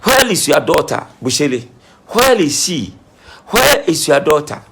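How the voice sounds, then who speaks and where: A self-styled spiritualist delivers an impassioned monologue to camera, scolding emphatically and repetitively while saying he is crying. His voice sits fairly high with a sing-song lilt, a touch of vocal fry, and a slightly bright quality, and he talks a little slowly.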